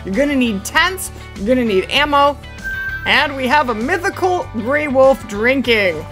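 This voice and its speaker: A woman giving game commentary for her channel, explaining things calmly and then squealing and laughing when the action heats up. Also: high-pitched, measured pace, music in the background. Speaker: gaming YouTuber.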